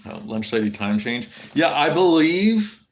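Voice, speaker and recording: A man talks loosely on a livestream, drifting from point to point and answering his viewers. His voice has a gravelly fry at the bottom, and his speech is loaded with swearing, fillers and restarts, with no sign of scripting. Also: a little high, very animated, measured pace. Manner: rambling, profane, many fillers and restarts. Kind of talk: casual stream chat.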